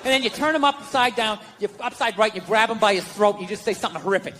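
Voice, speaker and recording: A man's voice: high-pitched, lively intonation, fast, few pauses. Brash ranting male stand-up comic. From United States. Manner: brash profane ranting, bursts into shouts. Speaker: stand-up comedian. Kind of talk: stand-up comedy set. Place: live stage before an audience. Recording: echoey hall, loud crowd and noise.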